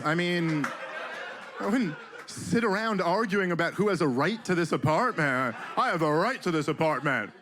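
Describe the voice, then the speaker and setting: A man doing a stand-up comedy set, deadpan and sarcastic, his pitch leaping up for punchlines. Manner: deadpan sarcastic delivery, pitch jumping high for emphasis.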